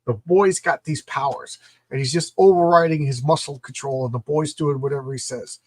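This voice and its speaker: A man's voice: on the high side, fairly even intonation, normal speed, darkish tone, no room sound. A middle-aged man reviewing comic books in a casual, enthusiastic, rambling way. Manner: enthusiastic, rambling, repeats words.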